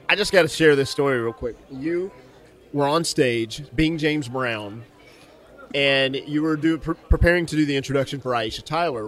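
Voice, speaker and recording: A man hosting a podcast, telling a story in casual conversation, animated and laughing often. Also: medium pitch. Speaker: podcast host.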